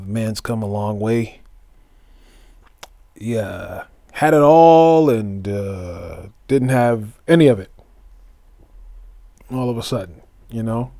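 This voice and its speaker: A man's voice: mid-range voice, darkish tone, no room sound. A man hosting a solo wrestling podcast, talking casually with lots of fillers and restarts, now and then slipping into grand announcer-style flourishes. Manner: rambling, with many fillers and restarts.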